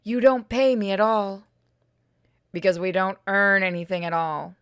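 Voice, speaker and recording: A woman's voice: mid-range voice, measured pace, a bit bright, smooth, no room sound, studio quality. A woman reading and narrating a game aloud, with joking, swearing, self-mocking asides.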